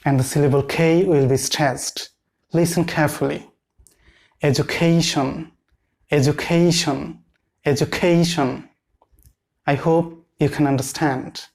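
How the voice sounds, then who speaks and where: A man teaching pronunciation, speaking deliberately and repeating each word for the viewer to copy. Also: a little high, fairly even intonation, a little mellow. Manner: slow, deliberate, repeats words for drilling. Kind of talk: pronunciation lesson.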